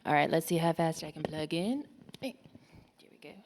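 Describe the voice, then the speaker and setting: A woman's voice: low voice, lively intonation, normal speed, a little hiss or hum. A woman emceeing lightning talks at a conference, introducing speakers with breezy, offhand asides. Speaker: session host. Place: conference stage.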